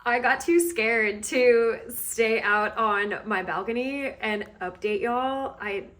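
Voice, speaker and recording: A woman recording a casual reading vlog outdoors, chatting and recapping a book while speaking more quietly than usual. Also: fairly high pitch, slow. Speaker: book vlogger.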